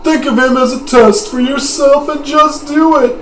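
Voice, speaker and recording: A man's voice: very high voice, steady tone, moderate pace, fairly bright tone, echoey room, recorded from a distance, slight background noise, pitched above the performer's own voice. A man voicing a cheerful old male martial arts master in a video game, folksy and chuckling. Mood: jovial.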